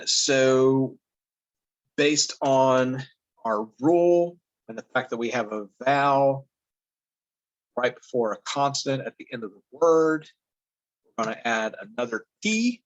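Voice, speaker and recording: Relaxed, halting man explaining a lesson. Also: medium pitch, lo-fi sound. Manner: relaxed and halting, with many fillers and restarts. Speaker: teacher going through a lesson video. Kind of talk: casual spoken commentary.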